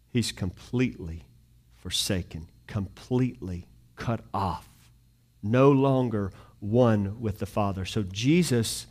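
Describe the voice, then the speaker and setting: A male pastor preaching a sermon, moving from hushed, low passages to loud, fervent appeals.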